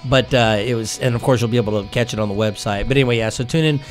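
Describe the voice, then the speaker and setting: A man's voice: medium pitch, fairly even intonation, very fast, faint music behind. A man hosting a casual radio talk show, rambling and chatty with many fillers and restarts. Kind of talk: casual chat.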